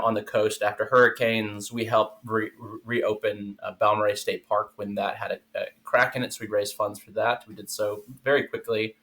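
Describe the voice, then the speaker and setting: Man, 30s, from South Texas, fairly low voice, bright tone, easygoing podcast guest. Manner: easygoing, explains with fillers. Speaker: guest, nonprofit engagement manager. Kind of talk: conversational podcast interview.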